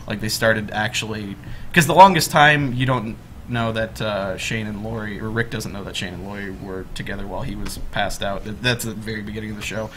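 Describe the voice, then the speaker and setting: A man's voice: fairly low pitch, steady tone, fairly quick, fairly bright tone, slight background noise. A young man hosting a casual group chat, rambling with lots of fillers and restarts.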